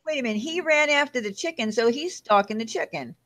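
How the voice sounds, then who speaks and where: A woman's voice: sits high, lively intonation, fairly quick, a bit bright. A woman hosting a casual live-stream chat, explaining herself in a rambling way with fillers.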